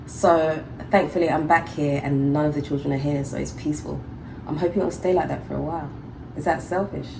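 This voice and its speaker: A woman's voice: low-pitched, fast, creaky, background noise. A middle-aged woman, chatting and laughing to camera as a vlogger, recorded on a handheld phone. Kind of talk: casual chat to camera. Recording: music playing over the voice.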